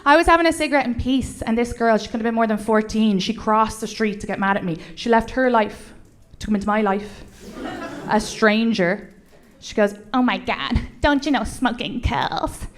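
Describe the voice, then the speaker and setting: Higher-voiced Irish woman doing stand-up. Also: normal speed. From Ireland. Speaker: stand-up comedian. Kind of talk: stand-up set. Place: comedy club stage with laughing audience. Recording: live club with clear background noise.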